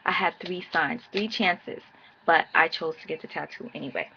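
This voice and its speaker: A woman's voice: fairly low pitch, normal speed, gravelly, pushed and bright, muffled recording, slight background noise. A woman around thirty telling a personal story to camera in casual slang, acting out the quoted dialogue. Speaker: vlogger.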